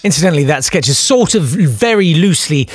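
A man's voice: a little high, expressive, brisk, husky, dry recording, faint music behind. A middle-aged man with a posh southern English accent, telling a rambling, dry, self-deprecating story and hesitating often. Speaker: comedian. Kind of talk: rambling anecdotal monologue.

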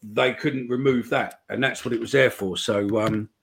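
A man co-hosts a live football podcast, rambling through his stories in casual chat. His voice has a gravelly, fry-edged texture at a middling pitch. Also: fairly even intonation, moderate pace, fairly bright tone. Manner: rambling storyteller, chuckles often. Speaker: podcast co-host.

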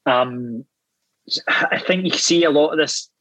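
A Scottish man in his thirties tells animated anecdotes full of swearing and laughter. His voice sits a touch high, and the recording is close and dry with no room sound. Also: slow pace, dry recording, low-quality recording. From Scotland. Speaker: guest actor. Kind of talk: casual storytelling chat.

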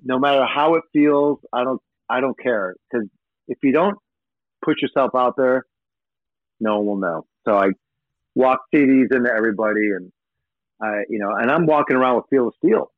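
Profane rocker on a tinny line. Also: male voice, medium pitch, normal speed, no echo. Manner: profane, rambling anecdotes with acted-out quotes. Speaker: rock musician guest. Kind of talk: casual interview storytelling. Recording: tinny phone-like line, dry.

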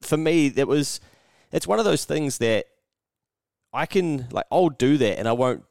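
A man's voice: mid-range voice, animated, unhurried, gravelly, a little mellow, dry recording, studio quality. A young man with a New Zealand accent, co-hosting a podcast and telling a story in casual chat, swearing often and acting out his own thoughts. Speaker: podcast co-host.

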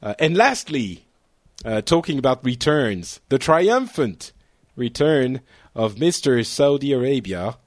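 A man hosts a casual talk show in a rambling, joking way, stopping to correct himself as he goes. His voice sits at an ordinary middle pitch, and the sound is dry and close with no room echo. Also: big pitch swings, measured pace. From France. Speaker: podcast host. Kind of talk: casual chat.

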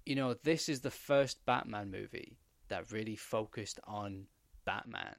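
A man hosting a podcast, telling stories in a rambling, animated way with many fillers. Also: on the low side, measured pace, gravelly, no echo. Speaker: podcast host. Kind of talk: casual chat.

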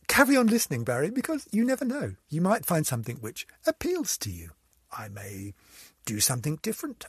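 A man's voice: on the high side, husky, dry recording, studio quality. Camp older man hosting a podcast. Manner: theatrical, camp, teasing, swings between loud and soft. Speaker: podcast host. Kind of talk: camp comic monologue.

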